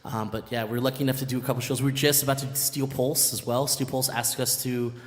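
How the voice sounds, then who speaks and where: A man from a band telling a lively story in casual chat, laughing and acting out what people said. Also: mid-range voice, quick pace. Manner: animated, laughing, acts out quotes. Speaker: band member, musical guest. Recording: long hall reverb.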